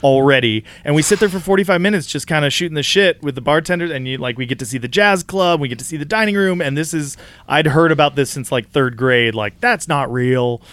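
A man guest on a podcast, telling an animated story in casual chat, laughing often and acting out the voices of people he quotes. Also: fairly high pitch, fairly quick.

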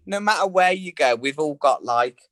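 A man's voice: a little high, expressive, normal speed, fairly bright tone, slight background noise. A man in his thirties with an English Midlands accent, a podcast guest chatting in a camp, theatrical way. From England. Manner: camp and theatrical, calls people darling. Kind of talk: casual chat.

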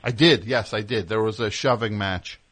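A man's voice: fairly low pitch, normal speed, fairly bright tone. A man hosting a call-in radio show, talking in a sardonic, rambling, mock-indignant way. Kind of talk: casual call-in radio talk.

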